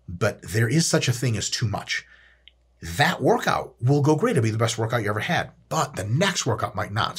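Male fitness host, blunt and swearing, lively pitch, a husky edge. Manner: profane, blunt and jokey. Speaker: fitness coach and channel host. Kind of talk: casual training advice to camera.

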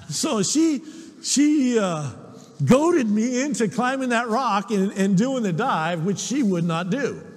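A man preaching a sermon, telling personal stories in an animated way and chuckling often. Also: sits high, measured pace, in a large hall. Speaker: pastor.

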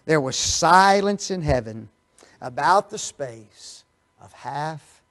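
Animated preacher man, rather high voice. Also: takes it slowly. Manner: animated, rhetorical questions to the audience; swings from quiet asides to loud emphatic bursts. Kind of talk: Bible study sermon.

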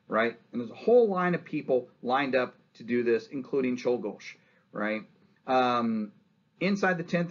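Man, history lecturer, husky voice, muffled lo-fi recording, chatty tone. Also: mid-range voice. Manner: conversational, often ends with "right?"; acts out quotes in changed voices.

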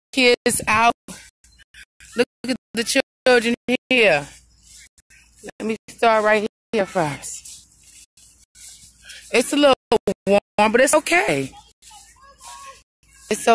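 A woman's voice: a little high, lively intonation, slow pace, long pauses, a bit bright, dry recording, rough recording. A woman giving casual, upbeat live commentary on her phone while walking around an outdoor park event, laughing often. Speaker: live-streamer at a community event. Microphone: phone camera, live stream. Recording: outdoor noise behind.

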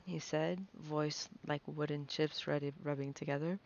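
A woman's voice: low-pitched, steady tone, moderate pace, few pauses, darkish tone, dull audio. A woman reading a fantasy novel aloud, nervous, stumbling and correcting herself as she goes. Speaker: reader.

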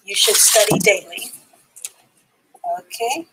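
A woman's voice: mid-range voice, takes it slowly, noisy background. A woman teaching a live online reading class, sounding out and spelling words letter by letter.

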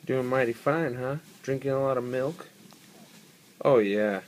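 A man's voice: medium pitch, steady tone, moderate pace, slight background noise. A man vlogging in a hospital room as a new father, joking and teasing in casual chat.

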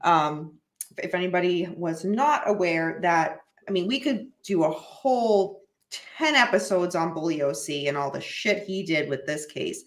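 Lower-voiced woman reading bits off on a podcast, matter of fact, echoey room. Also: animated, unhurried. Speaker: podcast co-host. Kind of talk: casual chat and reading excerpts.

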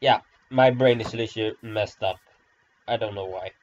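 A man's voice: lowish voice, moderate pace, slight background noise. A man rambling through gameplay commentary, self-deprecating and sarcastic, in a dull lo-fi recording. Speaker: gamer.

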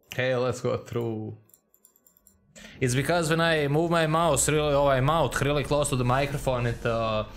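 Crude jokey guy streaming a game, headset mic right at his mouth. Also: mid-range voice. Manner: crude, joking, chatty, reads chat aloud. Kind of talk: casual live-stream commentary. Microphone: headset mic close to the mouth.

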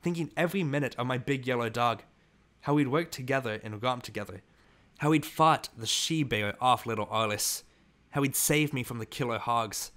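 Male audiobook narrator, mid-pitched, earnest and measured. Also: fairly bright tone. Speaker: audiobook reader. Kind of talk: scripted narration of a novel.

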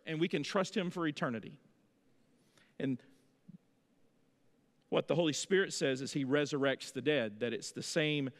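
A man in his thirties preaching a sermon in a church, telling folksy stories with lively energy. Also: fairly high pitch, big-room sound. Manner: folksy storytelling, animated. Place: church sanctuary.

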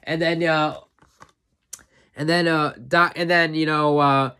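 A man with a somewhat high voice talks through a film he loves in a casual review. He rambles, leaning on "uh" and "you know" as he recaps scene after scene, clearly an eager fan. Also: little pitch movement, takes it slowly, bright, forceful tone, slight background noise. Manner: enthusiastic fan, chuckles often. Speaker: movie reviewer. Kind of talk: casual spoken movie review.

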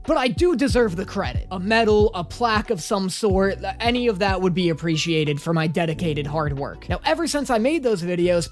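A woman hosting a comedic reaction video, talking in a sarcastic, animated and profane way. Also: lowish voice.

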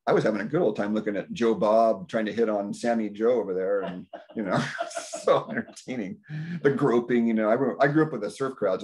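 Low, lively man telling rambling stories. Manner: animated storytelling, acts out his own thoughts in higher voice. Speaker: health practitioner speaking at a community dinner. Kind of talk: rambling casual talk. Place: indoor community dinner gathering.

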